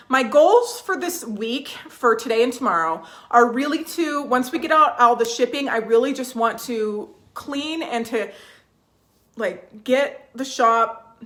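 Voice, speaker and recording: A woman vlogging from home, chatting casually with viewers, restarting sentences and reading out their comments. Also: fairly high pitch. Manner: warm, chatty, reads viewer comments aloud; restarts sentences, fillers, emotional at times.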